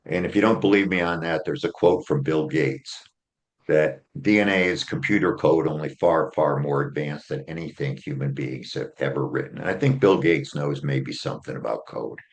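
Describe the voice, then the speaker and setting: A man with a bass voice speaks at a normal pace. He's an author and attorney in an interview, earnestly laying out his argument one step at a time and pausing to ask "okay?" along the way.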